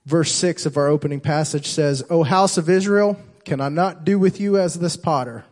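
A man preaching a sermon as pastor, impassioned, repeating and restarting phrases and swinging between loud and soft. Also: a little high, moderate pace.

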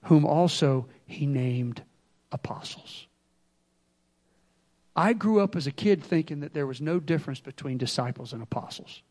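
High-voiced, animated male preacher. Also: moderate pace, hardly any pauses. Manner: animated and humorous, swinging from soft to loud. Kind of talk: sermon.

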